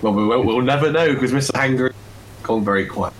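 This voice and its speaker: A man's voice: medium pitch, a little fast. A man narrating a tabletop game as game master, rambling and self-correcting with many fillers.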